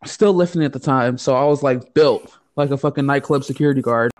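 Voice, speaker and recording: A woman's voice: rumbling low, fairly quick, a little mellow. A woman from the United States co-hosting a podcast, telling a story in casual chat, profane and often laughing. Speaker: podcast co-host.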